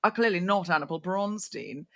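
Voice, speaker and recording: A woman's voice: on the low side, fairly quick, fairly bright tone. A woman voicing a preposterous posh British male waiter who speaks stiffly like a butler, in an over-polite, haughty way and a posh southern English accent.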